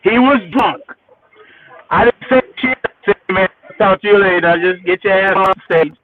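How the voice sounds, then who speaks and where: A man spins a story from his years as a musician, profane and animated, starting his sentences twice before they land. His voice sits high, and it arrives squeezed and tinny, as if over a telephone radio hookup. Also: moderate pace, dry recording. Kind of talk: casual storytelling. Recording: tinny phone-like radio sound.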